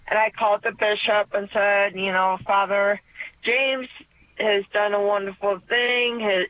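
A woman calling in to a radio show, speaking hesitantly and sounding upset. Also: mid-range voice. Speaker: caller. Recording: dry, tinny phone line.

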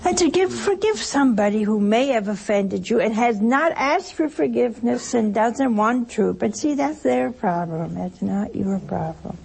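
An older woman talks at a moderate pace with few pauses, her voice a little high, animated, creaky, husky, and a bit mellow. She gives a chatty sermon to broadcast listeners as a religious speaker, storytelling, asking rhetorical questions, and laughing often.

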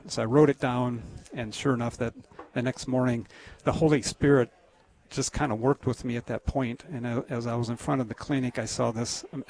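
A man with a gravelly, creaky voice, telling his story as a radio guest. He talks in an earnest, halting way, with frequent ums and restarts. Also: medium pitch, a little mellow. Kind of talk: casual testimony on a radio show.

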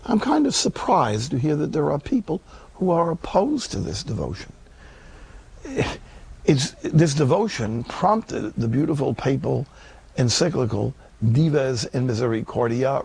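Gravelly, husky male preacher. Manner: animated, emphatic delivery with wide swings in pitch. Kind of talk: sermon.

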